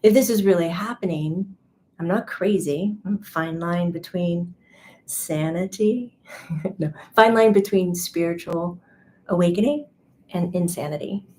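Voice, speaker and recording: A woman medium telling a story in a chatty, animated way, acting out quoted dialogue. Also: on the low side, measured pace, slight background noise. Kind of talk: casual spoken storytelling.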